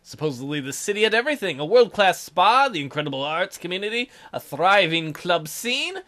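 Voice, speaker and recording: A man's voice: sits high, very animated, brisk, sharp tone. A man hosting a let's play, reading the game's narration aloud and joking between lines. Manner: reads narration aloud with playful asides. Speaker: let's play host reading the game text.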